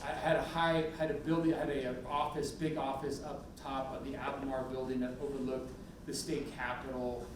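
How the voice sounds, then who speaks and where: A middle-aged man, a police chief, giving a candid, animated talk full of anecdotes in a university event hall. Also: medium pitch, fairly quick, noisy background. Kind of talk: public talk with war stories. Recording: echoey hall from a distant mic.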